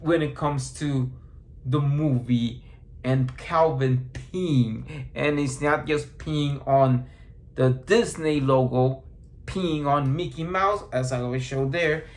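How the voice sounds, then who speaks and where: A man talking through a casual movie review in a slow, unhurried delivery. He rambles, breaks off mid-word and restarts, filling gaps with hesitant ums and uhs. His voice sits a little above the usual male pitch. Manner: halting and rambling, full of restarts and fillers.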